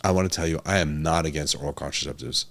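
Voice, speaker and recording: A man's voice: extremely low pitch, quick pace, gravelly, a bit bright. A middle-aged man, a physician hosting his own podcast and speaking to a camera in an earnest, emphatic way that repeats his key points. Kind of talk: casual talk to camera.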